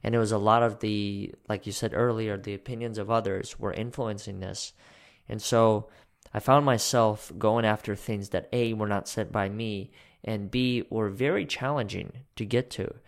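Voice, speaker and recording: A man hosting an interview, reflective and measured, asking long, thoughtful questions. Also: lowish voice, fairly even intonation, creaky. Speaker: podcast host.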